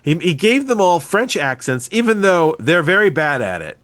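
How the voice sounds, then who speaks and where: A man's voice: fairly high pitch, no echo. A man with a wife and young daughter, chatting casually and mocking a bad movie, swearing freely. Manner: animated, profane, quick to mock. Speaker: podcast co-host. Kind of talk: casual movie review chat. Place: podcast recording.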